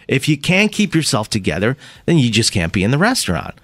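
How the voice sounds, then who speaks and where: A man hosting a morning radio show in a studio, telling a story in a casual, animated way with laughs and restarts. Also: medium pitch, brisk, no echo, faint music behind. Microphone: studio microphone.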